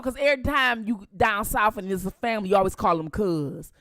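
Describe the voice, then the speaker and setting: A middle-aged woman, telling a story to her viewers in a profane, animated way. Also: mid-range voice, brisk, few pauses. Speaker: channel host.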